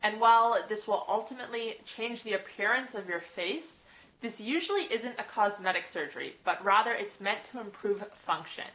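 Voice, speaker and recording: A woman's voice: mid-range voice, normal speed, a bit bright, roomy sound, low-quality recording. A young woman vlogging to camera in a casual way, with a slight lisp from new braces. She sounds nervous and sighs and laughs between phrases. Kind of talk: casual vlog talk to camera.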